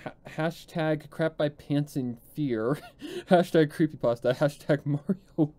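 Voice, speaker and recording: A woman's voice: low voice, slow, mellow. A woman co-hosting a stream, reacting with laughs and trailing filler words. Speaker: stream co-host. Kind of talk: casual live-stream chat.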